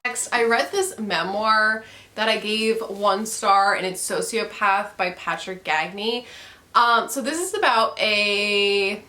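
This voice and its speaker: A woman's voice: medium pitch, pushed and bright. A young woman in a casual book review chat, ranting with frequent swearing and laughter. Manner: profane, ranting, laughs often.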